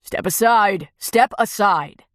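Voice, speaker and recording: A woman reading an audiobook, voicing a huge, calm male fireman and paramedic with a deep, growly voice. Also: slow pace, no room sound, studio quality. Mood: commanding. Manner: calm, reassuring.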